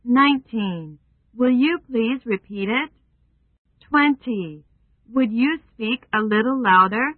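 A woman reading a numbered list of phrases for learners in slow, careful, even delivery. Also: on the high side, no room sound. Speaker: English phrase reader. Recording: tinny phone-like sound.

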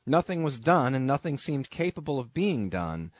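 Man, audiobook narrator, lively intonation, dry close recording. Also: mid-range voice, dry recording. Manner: expressive, measured storytelling. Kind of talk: audiobook reading of a classic novel.

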